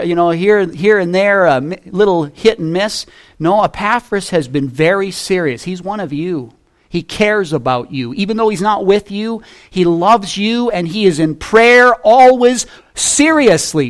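A middle-aged male pastor preaching a sermon, swinging between loud emphasis and soft low asides and reading scripture in a slow, old-fashioned cadence. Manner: reads scripture in slow King James cadence.

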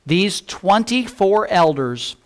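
Male pastor, sermon delivery; slightly raised pitch, slow, emphatic scripture reading. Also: big pitch swings. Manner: deliberate, emphatic scripture reading with repeated phrases.

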